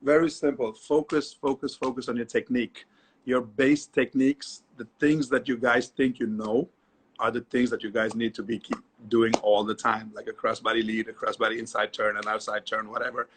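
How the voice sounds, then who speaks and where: A middle-aged man, a dance teacher, talking as an interview guest, lively and repetitive, often adding "you know". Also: mid-range voice, normal speed, a little hiss or hum. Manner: animated storyteller, repeats himself, many "you know"s. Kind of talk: casual interview chat.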